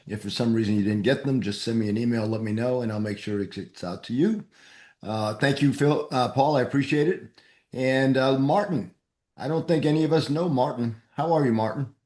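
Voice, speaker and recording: A man with a Boston-area New England accent hosts a men's mastermind group call, upbeat and encouraging. His mid-range voice runs a little fast with a darkish tone, and the recording sounds roomy.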